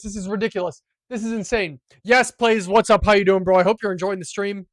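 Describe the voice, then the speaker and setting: A man streaming live gameplay, commenting as he plays, boastful and profane, swinging from loud excitement to low muttering. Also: a little fast, hardly any pauses, no echo, clean studio sound.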